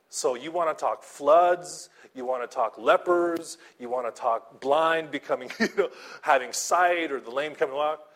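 Preaching in a relaxed, conversational style, this pastor has a higher, somewhat bright voice and takes his time. He often asks "okay?" or "right?" to check on his listeners, circles back to repeat or restart words, and gives small, light laughs.

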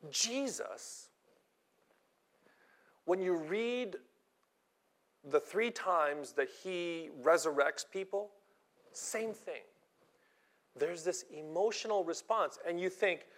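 Male preacher, high voice, slow and earnest sermon delivery. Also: expressive, a bit bright. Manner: earnest, acts out quoted voices, repeats words.

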